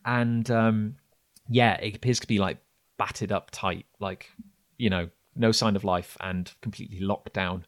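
A man narrating a tabletop game as game master, describing scenes haltingly with many fillers. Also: on the low side, steady tone. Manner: hesitant, filler-heavy describing.

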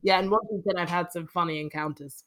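A woman with a London accent, a guest on a podcast, telling stories in a lively way and laughing as she talks. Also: on the low side, fast talker. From London, England. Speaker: podcast guest, singer and tutor. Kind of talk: conversational interview.

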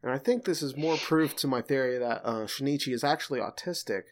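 A man's voice: medium pitch, a little fast. A man co-hosting a podcast, chatting casually and animatedly, retelling scenes with jokes. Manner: animated, joking storyteller. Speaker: podcast co-host. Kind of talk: casual chat.

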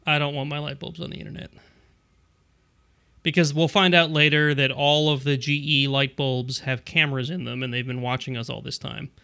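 Bright-voiced man chatting on a podcast. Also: on the high side, flat delivery, normal speed, gravelly, smooth. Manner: rambling, self-interrupting, chuckling. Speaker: podcast co-host. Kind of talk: casual tech podcast chat.

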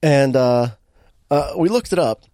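A man's voice: medium pitch, unhurried, dry recording, clean studio sound. A man co-hosting a podcast, recapping a bad movie in casual chat, laughing often as he tells it. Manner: animated storytelling, laughing often, many restarts. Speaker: podcast co-host.

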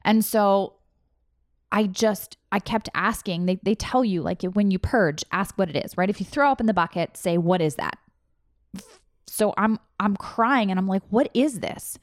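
A woman's voice: mid-range voice, moderate pace, no echo. Thirtysomething woman telling a personal story, swears a lot, pretty emotional, dry close sound. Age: 30s. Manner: candid, emotional, swears freely.

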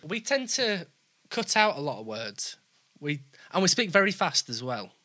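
A man with a Yorkshire accent, a presenter in easygoing, quick chat. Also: on the high side, sing-song, sharp tone. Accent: Yorkshire English. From Yorkshire, England. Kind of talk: casual chat.

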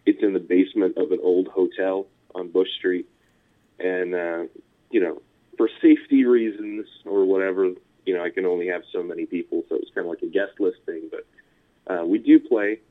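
A man's voice: sits low, fairly even intonation, moderate pace. Rambling Californian man on a tinny line. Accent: Californian American. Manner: rambling, chuckling, filler-heavy. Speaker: punk musician guest. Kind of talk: casual interview chat. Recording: tinny phone-line audio.

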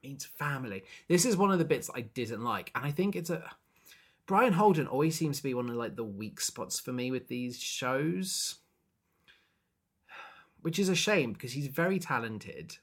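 A man chatting casually as a podcast co-host, recapping a stage musical and acting out characters' lines in quick bursts. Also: mid-range voice. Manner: animated, acts out characters' lines in brief bursts.

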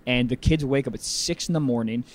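A young man co-hosting a podcast, chatting casually and crudely with a rambling, animated manner. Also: mid-range voice, a little fast. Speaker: podcast co-host. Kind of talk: casual comedic chat.

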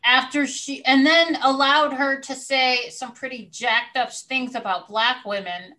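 A woman chatting casually with quick, wry asides. Her voice is high-pitched and bright, with a sharp edge. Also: steady tone. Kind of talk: casual chat about reality TV.

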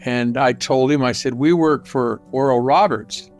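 A man's voice: mid-range voice, measured pace, faint music behind. An older man from Southern California telling a personal story in a folksy, conversational way, restarting phrases as he goes.

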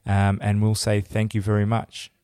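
A man's voice: on the low side, completely flat delivery, moderate pace, warm tone, clean tone, no echo. A man co-hosting a casual podcast, chatting in a wry, self-deprecating way into a close microphone. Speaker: podcast co-host.

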